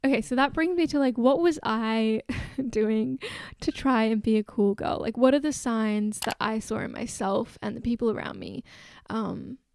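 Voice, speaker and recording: A woman's voice: a little high, animated, normal speed, gravelly, a little mellow, no room sound, clean studio sound. A woman in her twenties talking casually and openly to camera, rambling and filling her sentences with "like". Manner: rambling, fills with "like" constantly; earnest, emotionally open. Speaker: vlogger. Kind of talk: casual confessional talk to camera.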